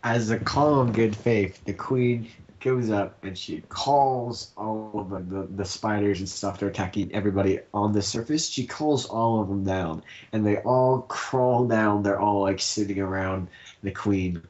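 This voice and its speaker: A man with a fairly low voice co-hosts a casual episode review, chiming in to back up or correct his partner. The sound is somewhat dull. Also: normal speed, a little mellow.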